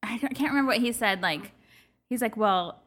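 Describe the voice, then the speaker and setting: A woman's voice: fairly high pitch, a little fast, fairly bright tone. A young woman co-hosting a podcast, chatting casually and laughing often as she acts out what people said. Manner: laughs often, quotes people in playful voices. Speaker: podcast co-host. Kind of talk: casual chat.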